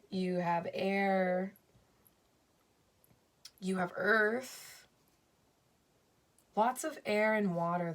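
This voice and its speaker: A young woman reading tarot cards for her viewers at home, slow and dreamy but enthusiastic, with lots of "like"s. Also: fairly low pitch. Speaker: tarot card reader. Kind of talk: pick-a-card tarot reading.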